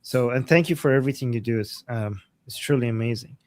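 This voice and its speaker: A man's voice: medium pitch, fast, dry recording. Chatty man hosting a livestream. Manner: rambling, many restarts and fillers. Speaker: host.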